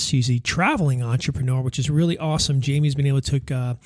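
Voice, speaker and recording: An American man hosting a podcast interview, chatty and quick to laugh, who tends to wander off topic. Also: fairly high pitch, darkish tone, dry recording, clean studio sound. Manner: chatty, laughs easily, digresses. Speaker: podcast host. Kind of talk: casual interview.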